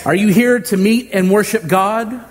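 A man preaching a sermon to his congregation, measured and emphatic, with homey humor and deliberate pauses. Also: high-pitched, slight background noise. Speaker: pastor. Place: church sanctuary. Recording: long hall reverb.

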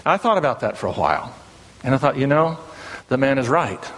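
A man's voice: medium pitch, very animated, fairly quick, a bit bright, big-room sound. A middle-aged man from the American South with a Southern accent, preaching an earnest sermon in a church. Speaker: pastor. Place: church sanctuary.

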